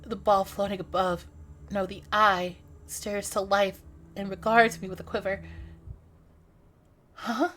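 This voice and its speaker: A woman streamer reads a story game aloud in first person. Her voice is bright and forward, at a middle pitch. She is lively, often cutting herself off with startled exclamations. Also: normal speed, a little hiss or hum. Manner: animated, breaks off with startled exclamations. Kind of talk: reading a game's text aloud.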